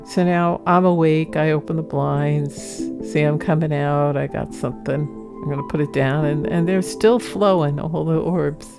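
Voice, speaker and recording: A woman narrating her own home footage in a chatty, rambling way, laughing now and then. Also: low-pitched. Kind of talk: casual voice-over narration.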